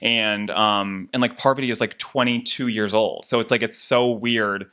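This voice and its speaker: Bright, sassy chatty man. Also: fairly low pitch, fairly even intonation, moderate pace, clean tone. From Texas. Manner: sassy, blunt, filler-heavy. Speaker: podcast guest. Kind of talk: casual chat.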